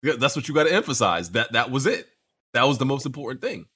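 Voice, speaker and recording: A man's voice: medium pitch, sing-song, quick pace, sharp tone, slightly rough. A young man hosting a casual gaming podcast, telling stories with lots of slang and repeated words. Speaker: podcast host.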